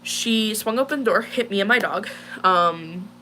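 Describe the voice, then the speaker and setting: This vlogger, a girl in her teens, casually relates a distressing personal experience to a live audience, her words wandering and full of fillers as she sounds shaken. The voice is mid-range and sharp at a moderate pace, with a little background hiss or hum.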